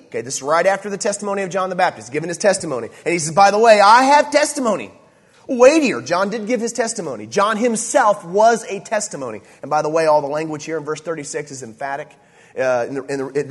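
A man's voice: on the high side, breathy edge, long reverb tail. A man preaching a sermon as pastor, emphatic and checking in with frequent asides to the congregation.

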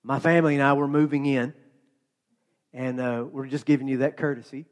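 A man's voice: mid-range voice, little pitch movement, fairly quick, voice pushed down, lightly acted. A man voicing a pompous, self-important male flea in a storybook tale, talking down and growing impatient. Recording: long hall reverb.

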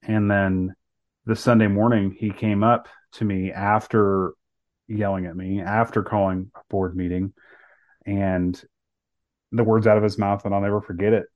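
A man's voice: fairly low pitch, level tone, measured pace, dry recording, muffled recording. A man co-hosting a podcast, earnestly recounting a personal story in casual talk with many fillers and restarts. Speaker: podcast co-host.

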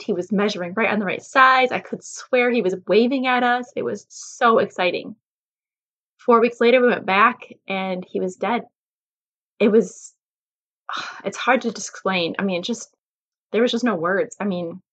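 A woman's voice: medium pitch, fairly bright tone, lo-fi sound. Emotional woman sharing a personal story. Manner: emotional, candid, faith-centered. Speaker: podcast host.

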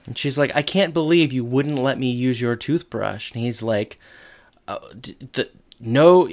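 A man's voice: mid-range voice, measured pace. A man co-hosting a podcast, casually recapping a TV episode and playfully acting out characters' lines. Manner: relaxed, jumps into quoted lines with comic emphasis. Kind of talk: casual chat.

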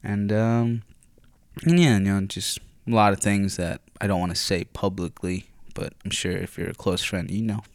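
Young Philly guy, lowish voice, dry close sound, swears and rambles through a casual story. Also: normal speed, dry recording. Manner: rambling, profane, filler-heavy, frequent throat clearing.

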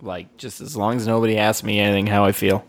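A man's voice: on the low side, quick pace, no echo. Male podcast host, rambling comic storyteller, salty language, close dry sound. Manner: animated, profane, rambling. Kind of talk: casual chat, comedic storytelling.

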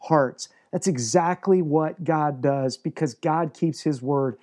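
A man's voice: fairly high pitch, a little slow, warm tone. A man preaching a sermon in an earnest way, sometimes acting out the lines of biblical figures. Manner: earnest preaching, acts out voices of God and Joshua. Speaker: pastor.

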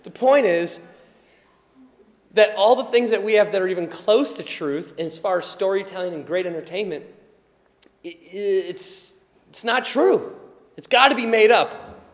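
A male preacher giving a conversational sermon, sometimes quiet and chatty, sometimes loud and emphatic, and he laughs often. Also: high voice, measured pace, pauses often, long reverb tail. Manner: animated, swings from quiet asides to loud emphatic shouts.

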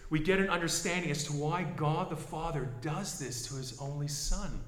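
A male pastor with a high, bright voice delivers a dramatic sermon, dropping to a hush and then rising to a shout. The room around him rings with echo. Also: expressive, brisk, few pauses. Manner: dramatic, swings from hushed to shouting.

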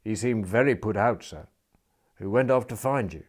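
Guy doing a stiff cloakroom attendant, quiet, low and a bit cold. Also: moderate pace, close to an everyday voice. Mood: cool. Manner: subdued, coolly deferential. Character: stiff, disapproving male club cloakroom attendant.

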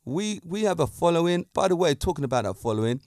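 A man's voice: fairly high pitch, big pitch swings, fast talker, a little mellow, no room sound, clean studio sound. A man hosting a fitness lifestyle podcast, talking in an upbeat, preachy way and cracking jokes. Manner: upbeat and preachy, tells jokes, laughs often. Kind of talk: motivational podcast monologue.

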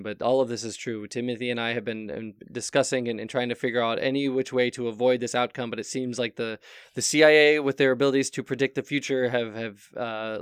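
A man playing a relationship-advice talk-show host in an improvised comedy sketch, halting and stammering in formal phrasing. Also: medium pitch, clean tone, dry recording, studio quality, natural voice.

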